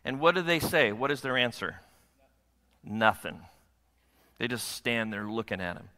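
A man's voice: mid-range voice, animated, a little slow, pushed and bright. A pastor preaching a sermon to his congregation, often asking them rhetorical questions. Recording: long hall reverb.

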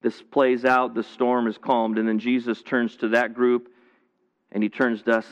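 Pastor, male, mid-pitched voice, conversational sermon full of restarts, slightly muffled in a reverberant church hall. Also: flat delivery, moderate pace. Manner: conversational preaching with frequent restarts and repetition. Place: church, streamed to viewers at home.

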